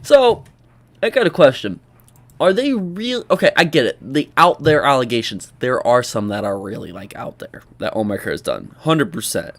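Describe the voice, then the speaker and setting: A man's voice: mid-range voice, normal speed. A young man hosting a reaction commentary, talking casually, exclaiming and joking with his viewers. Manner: animated, exclaiming, sarcastic asides. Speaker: commentary host.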